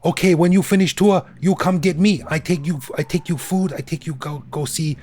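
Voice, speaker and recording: A man's voice: on the high side, a little fast, a little mellow, pitched above the performer's own voice, close to an everyday voice. A man voicing a young female tour guide who is eager and speaks clipped, broken English.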